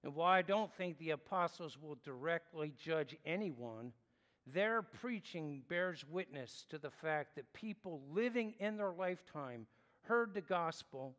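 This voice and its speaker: Man preacher, slightly higher voice, earnest and measured, long hall reverb. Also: expressive, fairly bright tone. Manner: earnest, explanatory, measured pauses. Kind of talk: sermon.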